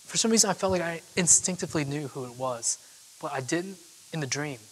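A man's voice: fairly high pitch, fairly quick, a bit bright, a little hiss or hum. A young man giving a casual, chatty storytelling talk to an audience, full of fillers. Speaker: keynote speaker. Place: event hall with audience. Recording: long hall reverb.

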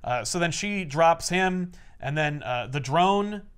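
A man's voice: fairly high pitch, animated, takes it slowly, clear, resonant tone. A man co-hosting a podcast, casually recapping a comic with rambling filler-heavy narration and wry asides.

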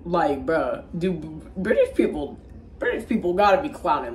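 A man's voice: fairly high pitch, expressive, normal speed. A young man giving a casual, jokey, slang-heavy movie recap at home, rambling and dropping into silly voices. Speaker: movie reviewer. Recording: echoey room with faint noise.

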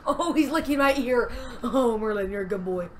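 A woman giving chatty let's-play commentary, narrating every move to herself and getting excitable. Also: a little high, moderate pace. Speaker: gamer.

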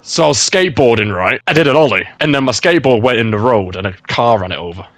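A man's voice: mid-range voice, expressive, quick pace, loud music behind the voice. A man in a casual gaming chat, teasing his friends with crude banter.

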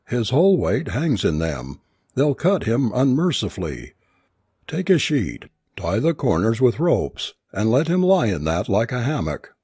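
A man voicing a big, brisk male doctor who gives measured, deliberate instructions in a storybook reading. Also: medium pitch, wildly swooping pitch, warm tone, slightly rough, dry recording, clean studio sound, heavily acted. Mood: firm.

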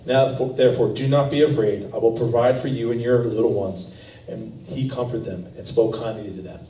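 Pastor preaching in a roomy church. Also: male voice, medium pitch, normal speed, warm tone, a little hiss or hum. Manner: earnest, conversational preaching with restarts. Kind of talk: sermon. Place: church sanctuary. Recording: roomy, distant live church recording.

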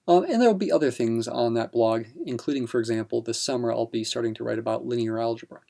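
A man's voice: mid-range voice, gravelly, a little mellow. A man teaching a probability practice problem, patiently explaining it step by step with casual fillers. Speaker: math instructor.

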